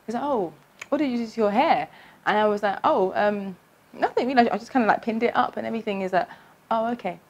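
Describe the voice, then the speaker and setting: A woman, telling a personal story on her vlog, acting out her past self with big jumps up in pitch. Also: fast, a little mellow, highs cut off. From London. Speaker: vlogger.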